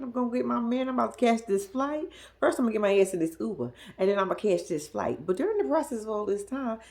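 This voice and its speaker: A young woman giving a sassy, slangy recap of a reality show, mimicking the cast in squealing voices. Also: medium pitch. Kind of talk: casual recap commentary.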